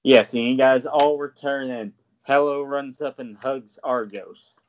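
A man's voice: medium pitch, fairly even intonation, a little slow. A man narrating as game master in a tabletop game, in a matter-of-fact way. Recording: dull lo-fi dry mic.

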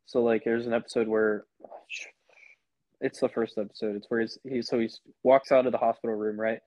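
A man's voice: mid-range voice, flat delivery, brisk, dark tone, dry recording, dull audio. A young man co-hosting a podcast, chatting casually and rambling as he retells scenes. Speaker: podcast co-host. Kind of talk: casual chat.

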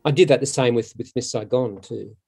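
A middle-aged man, a stage actor, telling a long anecdote in a casual, halting way with many restarts. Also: medium pitch, creaky, darkish tone, husky, soft background music. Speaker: musical theatre actor, interview guest.

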